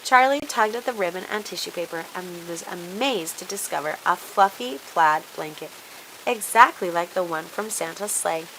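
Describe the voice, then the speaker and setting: A woman reads a children's storybook aloud and brings every scene to life. Her voice is bright and clear. A faint hiss runs under the recording. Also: on the low side, normal speed, rough recording. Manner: expressive, animated read-aloud.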